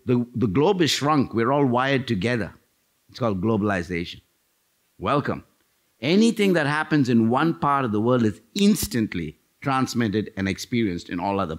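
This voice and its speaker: A middle-aged man from India, preaching a sermon in a church as a guest missionary speaker, telling stories and acting out what people said. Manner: animated storytelling, acting out quoted voices, pitch leaping up. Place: church sanctuary.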